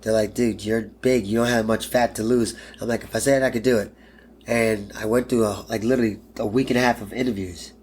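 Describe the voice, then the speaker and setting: A man's voice: fairly low pitch, steady tone, brisk, a little mellow, a little hiss or hum. A man in his thirties, a pro fighter guest in an interview, telling a story bluntly and animatedly and swearing freely.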